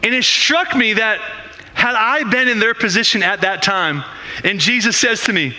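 A man's voice: high-pitched, normal speed, bright, forceful tone. A man preaching a sermon as a pastor in a conversational way, with rhetorical questions and frequent restarts.

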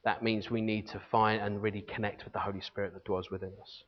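A man's voice: lowish voice, little pitch movement, fast. A man preaching a sermon, teaching earnestly and reading scripture aloud. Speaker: pastor. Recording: long hall reverb, dull lo-fi sound.

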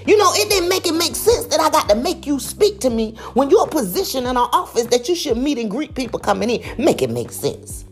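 A woman giving a preachy motivational talk, emphatic and full of rhetorical questions, swinging from loud high exclamations to low quiet asides. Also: very animated, brisk, few pauses, soft background music. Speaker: motivational speaker.

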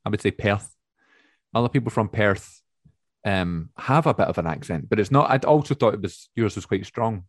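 Man with a soft Glasgow accent. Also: on the low side, animated, brisk, no echo, studio quality. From Glasgow, Scotland. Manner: rambling, musing aloud with questions. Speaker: podcast co-host. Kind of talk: casual chat.

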